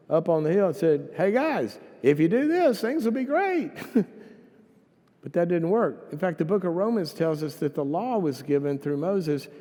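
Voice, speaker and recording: A man's voice: a little high, dark tone. A man preaching a sermon in a conversational, storytelling way, acting out the voices of people in his stories. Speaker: guest speaker. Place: large church hall. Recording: long hall reverb.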